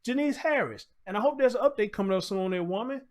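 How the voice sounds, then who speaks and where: A man with a notably high voice hosts his own commentary show, venting in a blunt, heated rant full of swearing. He keeps circling back to the same points and talks straight to his audience. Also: animated, quick pace, darkish tone. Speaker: show host.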